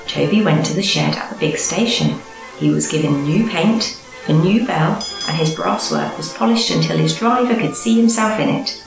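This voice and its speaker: Woman storyteller, gentle and measured, gravelly low voice, echoey room with music. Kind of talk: storybook reading.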